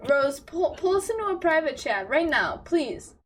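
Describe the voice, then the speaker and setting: A woman's voice: sits high, sing-song, moderate pace. A young woman streaming a game, hiccuping, giggling and swearing in casual chat.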